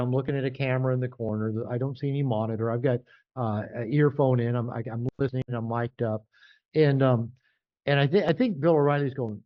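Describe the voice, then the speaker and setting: An older man, an author being interviewed, talking casually and animatedly, often jumping higher to act out quoted voices. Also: dull audio. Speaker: author and guest.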